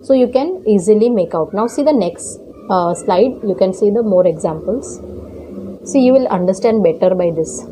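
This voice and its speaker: A woman's voice: medium pitch, animated, moderate pace, mellow, a little hiss or hum, rough recording. A woman teacher explaining grammar in a recorded lesson, repeating points and often checking in with "okay?". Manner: repetitive, checks understanding with "okay?".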